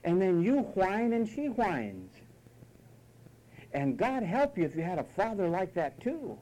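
A man's voice: high-pitched, big pitch swings, unhurried, mellow, low-quality recording. A man preaching a sermon, emphatic and mocking, at times imitating whiny voices.

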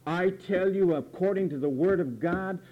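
A man's voice: sits high, moderate pace. A man preaching a sermon, emphatic and repetitive, pressing word meanings with rhetorical questions. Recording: dull lo-fi recording.

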